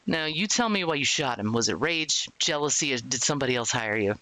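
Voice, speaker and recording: A streamer voicing a hard-nosed male police detective in a video game, speaking low and accusing. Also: animated, fairly quick, pushed and bright, dry recording. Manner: accusing, blunt.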